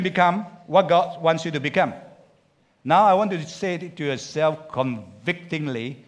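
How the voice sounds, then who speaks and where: A male pastor preaching a sermon, swinging from loud urging to quiet asides and acting out biblical speech. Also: a little high, moderate pace. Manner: animated preaching with big swings in loudness, urging the congregation to repeat lines; acts out biblical characters' speech in quotes.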